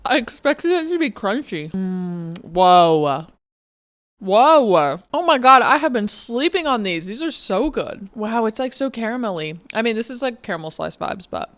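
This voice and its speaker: A woman's voice: a little high, big pitch swings, normal speed, hardly any pauses. A woman in her twenties hosting a casual food taste-test vlog, bubbly and exclamatory, peppering her talk with "like" and "freaking". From grew up in the US and Australia. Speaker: vlogger host.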